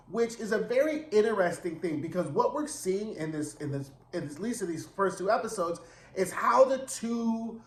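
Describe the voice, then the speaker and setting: A man's voice: high-pitched, reverberant. A man casually recapping and reviewing a TV episode, chatty and slangy, often asking "right?". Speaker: TV review host.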